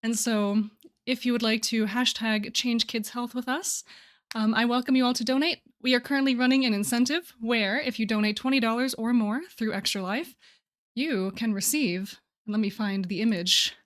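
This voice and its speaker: A woman's voice: fairly high pitch, steady tone, moderate pace. A young woman hosting her live stream, chatting casually, bubbly and a little flustered, laughing often. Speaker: livestream host.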